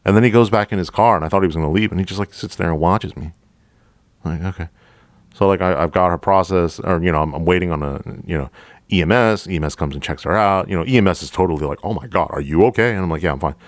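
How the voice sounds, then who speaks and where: A man hosting a podcast, a police officer telling a story from the job in a profane, animated way, acting out both sides of the dialogue. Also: sits low, fast, no room sound. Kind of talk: storytelling monologue.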